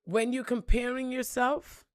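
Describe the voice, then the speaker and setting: A woman giving a blunt, profane motivational monologue, repeating phrases and swinging between loud outbursts and low, reflective tones. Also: flat delivery, unhurried, dry recording, studio quality. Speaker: spiritual reader and motivational vlogger.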